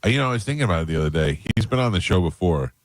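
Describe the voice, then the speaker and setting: A man's voice: low voice, animated, dry recording, clean studio sound. A man hosting a radio talk show, telling rambling stories in a chatty, casual way. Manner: storytelling, rambling, quick and chatty.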